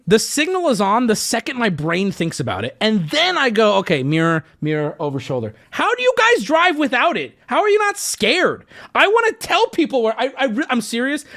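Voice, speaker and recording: A man streaming live, ranting casually to his chat with animated swings between mock outrage and joking. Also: sits high.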